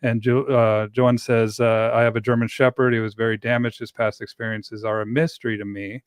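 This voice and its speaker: A man hosting a casual podcast conversation about dogs, relaxed and conversational, reading out listener comments. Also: mid-range voice, brisk, smooth, no echo, clean studio sound. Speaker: podcast host.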